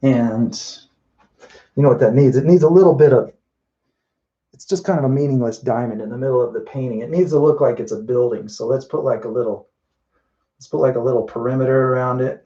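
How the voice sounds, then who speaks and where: Working at an indoor painting wall, this instructor narrates a live demo loosely and slowly, often starting sentences over and dropping in "you know." The lo-fi recording sounds a bit dull, carrying his warm, mellow, mid-pitched voice.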